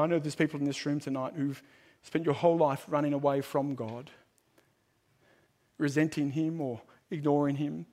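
A man preaching an evangelistic sermon to a live audience, building to loud, emphatic proclamations and then dropping to a hushed, earnest appeal. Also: fairly high pitch. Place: large room with a live audience.

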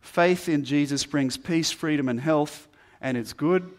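A man's voice: a little high, a little slow. A man preaching a sermon, earnest and building emphasis through repeated phrases. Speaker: pastor.

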